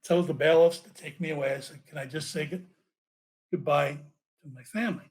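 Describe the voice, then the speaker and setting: Profane storytelling ex-cop. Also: male voice, a little high, brisk. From United States. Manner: profane, animated storytelling with laughs. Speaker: podcast guest, former police officer. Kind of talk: storytelling in a podcast interview.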